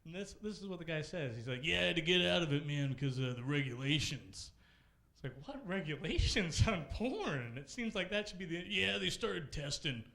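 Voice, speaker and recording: A young male comic with a bright, fairly high voice tells a story in a deadpan, casual way. He leans on "like" constantly. He is on a comedy club stage. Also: quick pace. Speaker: stand-up comedian and emcee. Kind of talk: stand-up comedy set.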